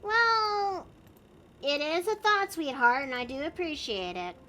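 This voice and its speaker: A woman's voice: sits high, expressive, a little slow, bright, forceful tone. A woman chatting casually while drawing on her art stream, narrating her steps in a playful way.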